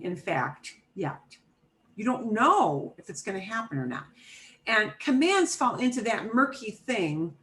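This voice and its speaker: A woman's voice: mid-range voice, fairly bright tone, rough recording. A middle-aged woman teaching an online Spanish class, explaining grammar patiently step by step with everyday examples over a video call.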